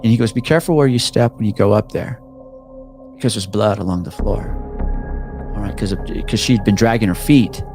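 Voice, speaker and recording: Man telling a creepy story, animated. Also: on the low side, fairly quick, over music. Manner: animated, acts out quoted people, drops to hushed tones. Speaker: podcast guest telling a story. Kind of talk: casual storytelling on a podcast.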